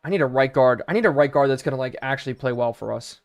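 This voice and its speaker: A man's voice: mid-range voice, fast. A young man live-streaming a video game, chatting to viewers and thinking aloud as he plays.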